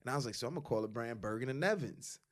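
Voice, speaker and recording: A man's voice: medium pitch, animated, very fast. A man telling a story in casual conversation, quoting friends in slang. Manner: laid-back storyteller, quotes friends in slang. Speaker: guest, clothing store founder.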